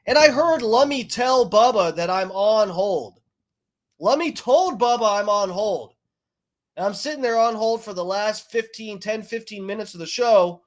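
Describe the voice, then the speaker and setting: A man's voice: high-pitched, expressive, normal speed. A man streaming, telling a long story in a profane, rambling way with many fillers and restarts. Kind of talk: casual ranting story.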